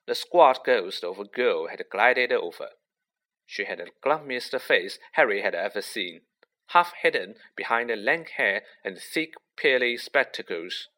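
Expressive, slow male audiobook narrator. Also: lowish voice. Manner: expressive storytelling. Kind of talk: audiobook reading.

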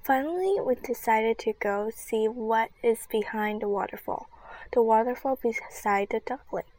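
A woman reading a first-person children's adventure story in a soft, half-whispered voice. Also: fairly high pitch, a little slow, low-quality recording. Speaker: story reader.

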